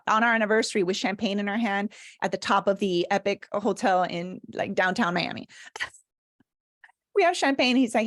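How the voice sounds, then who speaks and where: Woman, 30s, from Cuba, speaker telling her own story, animated and expressive, dry close sound. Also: mid-range voice, normal speed, no echo. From Cuban. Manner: animated storyteller, laughs often, acts out dialogue. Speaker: speaker and leadership consultant. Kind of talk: personal story told in a webinar talk.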